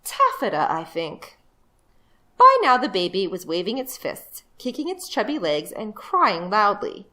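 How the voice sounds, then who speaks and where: A librarian reading a children's book aloud, a woman telling the story in a lively way. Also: mid-range voice, normal speed, hardly any pauses.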